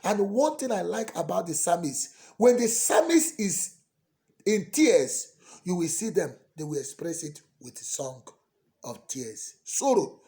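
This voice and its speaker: A man, a priest preaching a sermon that swings dramatically between soft pleading and loud cries. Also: high-pitched, sing-song, unhurried.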